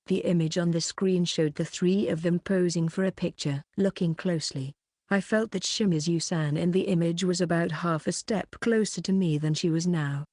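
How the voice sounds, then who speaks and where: Low, dry-voiced woman narrating an audiobook. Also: moderate pace, no room sound. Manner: reads all characters in a near-even voice. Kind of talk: scripted narration of a light novel.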